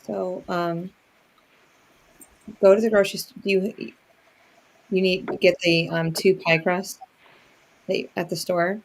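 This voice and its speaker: A co-host chatting casually, talking in a halting way full of ums. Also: mid-range voice, flat delivery, gravelly. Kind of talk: casual chat.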